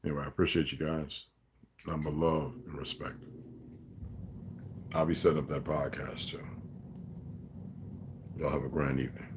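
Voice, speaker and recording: A man's voice: extremely low pitch, flat delivery, moderate pace, pauses often, husky. A man talking casually on a livestream, blunt and preachy, swearing freely, with many fillers. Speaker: livestream vlogger. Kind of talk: casual rambling livestream talk.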